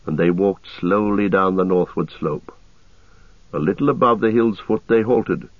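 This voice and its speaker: Low-voiced man narrating a story, tinny radio. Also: no room sound. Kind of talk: audiobook narration. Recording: tinny narrow-band radio sound.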